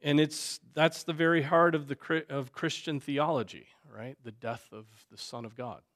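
A man, a pastor, teaching a Sunday school class in a conversational way, often stopping to ask "right?" and filling pauses with "um" and "you know". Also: fairly high pitch, fairly even intonation, fairly bright tone. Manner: conversational, many fillers and tag questions. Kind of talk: unscripted Bible class teaching.

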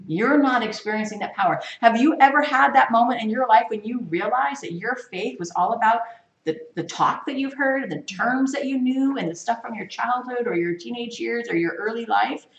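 In a church, a woman with a highish voice leads a Bible study, teaching emphatically like a sermon and asking many rhetorical questions. She speaks at a moderate pace, and the audio is dull, echoey and taken from a distant mic.

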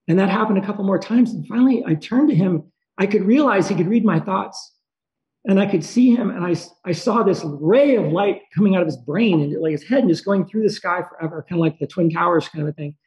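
A man telling a personal story in a halting, emotional way, pausing and restarting often. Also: high-pitched, darkish tone. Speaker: speaker sharing a personal story. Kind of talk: personal storytelling, reflective monologue. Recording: dull lo-fi recording.

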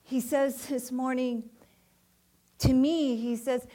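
A woman's voice: sits high, fairly even intonation, takes it slowly, long pauses, dark tone. A woman preaching a sermon in church, often calling "amen?" to the congregation and rising to fervent emphasis.

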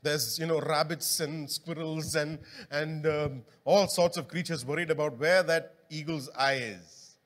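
Conversational preacher. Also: male voice, on the high side, fairly even intonation, a little slow, fairly bright tone. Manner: conversational, engaging the congregation with questions. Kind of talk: sermon. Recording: long hall reverb.

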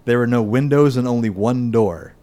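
A man's voice: mid-range voice, normal speed, very noisy. A man hosting a casual podcast, reading news items aloud and then chatting and joking with his co-hosts.

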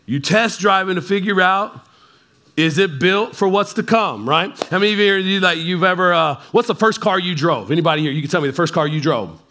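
High, bright-voiced man preaching conversationally. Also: a little fast. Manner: chatty, keeps checking in with the crowd, playful asides. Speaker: pastor. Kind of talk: conversational sermon. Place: church service in front of a congregation.

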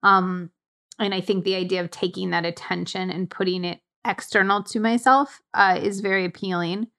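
A woman's voice: mid-range voice, steady tone, moderate pace, a bit bright. A young woman hosting a podcast, chatting casually and thoughtfully into a studio microphone, with lots of filler words. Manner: chatty, reflective, many fillers. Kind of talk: casual chat. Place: recording studio.

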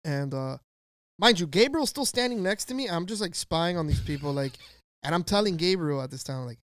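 Animated, slangy man telling a story. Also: a little high, quick pace, no room sound, clean studio sound. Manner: animated, slangy, profane, acts out quoted voices. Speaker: podcast co-host. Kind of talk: casual storytelling chat.

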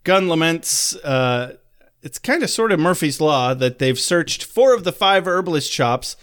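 A man's voice: a little high, animated, a little slow, a bit bright, clean tone. A male podcast co-host recapping a TV episode in casual chat, sarcastic and swearing freely.

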